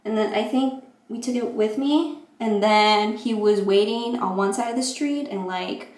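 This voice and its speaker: A young woman telling a rambling, casual storytime vlog about her move-in day, acting out quotes with animated voices. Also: mid-range voice, unhurried. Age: young adult. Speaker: vlogger. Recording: echoey room.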